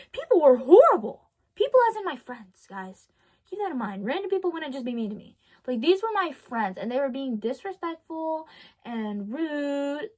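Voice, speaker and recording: A teenage girl talks straight to camera in a casual diary vlog, her voice sitting high. She tells her story with dramatic swings, stops to correct herself, and rushes on. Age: teens. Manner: animated storytelling, dramatic ups and downs, self-correcting. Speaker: vlogger.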